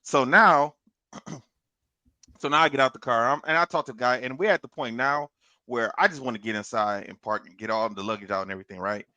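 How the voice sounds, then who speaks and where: A man on a podcast telling a long story in a casual, animated way, swearing and laughing as he goes. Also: medium pitch, brisk, dry recording. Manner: animated, profane, laughs through his story. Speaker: podcast co-host.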